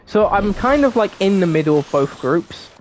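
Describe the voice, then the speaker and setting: A woman's voice: medium pitch, expressive, normal speed, a little mellow, slight background noise. A woman with a southern English accent, from England, chatting casually while streaming a game, sweary, giggly and rambling.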